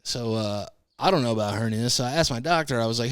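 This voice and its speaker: A man's voice: medium pitch, quick pace, clean tone, dry recording, studio quality. Rambling laid-back male podcast host. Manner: rambling, swears freely, laid-back storytelling. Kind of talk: casual monologue.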